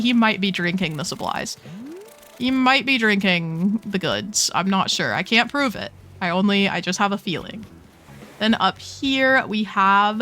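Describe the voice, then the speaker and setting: A woman's voice: mid-range voice, a bit bright. Bubbly young woman gushing over a game. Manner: bubbly, gushing, playful slang. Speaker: host touring game islands. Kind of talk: casual gameplay commentary.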